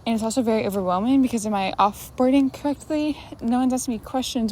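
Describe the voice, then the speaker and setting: A woman's voice: fairly high pitch, quick pace, hardly any pauses, a little mellow, distant mic. A woman in her twenties vlogging in a casual, rambling, anxious way, often poking fun at herself. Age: 20s. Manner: rambling, self-mocking, anxious. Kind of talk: casual vlog chat. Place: room at home, moving around while working out. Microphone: phone camera, sometimes from across the room. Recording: echoey room with faint noise.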